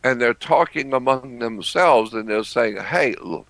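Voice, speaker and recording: A man giving a deliberate explanatory lecture, repeating phrases and clearing his throat often. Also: mid-range voice, a bit bright, no echo.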